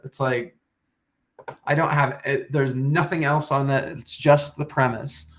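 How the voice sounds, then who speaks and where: A comedian guest talks loosely and rambles, often starting over and dropping the odd curse. His voice sits at an ordinary middle pitch for a man. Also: steady tone, a little slow. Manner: rambling, with many restarts and swearing. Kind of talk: casual podcast chat.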